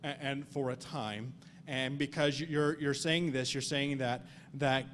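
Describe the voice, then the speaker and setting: This earnest Sunday school Bible study is led by a man of medium pitch who speaks at a moderate pace over slight background noise. He frequently restarts and repeats words, reading scripture aloud in archaic language.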